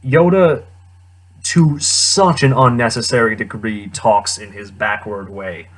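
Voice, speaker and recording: A man's voice: fairly low pitch, fairly even intonation, takes it slowly. A young man casually rambling through a wry movie commentary, often chuckling as he goes. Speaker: film reviewer.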